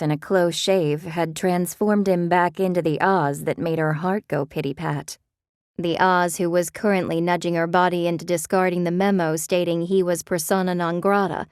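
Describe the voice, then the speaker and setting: A woman narrating a romance audiobook in a measured, expressive way. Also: on the low side, clean tone, no room sound, studio quality.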